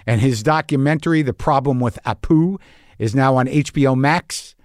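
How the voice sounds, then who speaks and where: A man's voice: mid-range voice, normal speed, no room sound, clean studio sound. A man hosting a podcast, telling a comic story in a profane, self-mocking rant. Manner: profane, self-deprecating ranting. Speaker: podcast host. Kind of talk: comic monologue.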